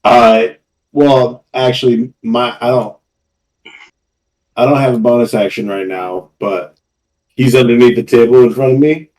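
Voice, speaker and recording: A man's voice: medium pitch, fairly even intonation, unhurried, pauses often, a little mellow. A man playing a tabletop game, casual and a bit hesitant as he works out his turn. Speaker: player.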